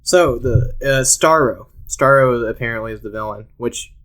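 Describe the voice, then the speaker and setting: Man, podcast host, relaxed casual chat, laughs often, mid-pitched voice. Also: moderate pace. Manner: laid-back, laughs often, reads aloud from search results.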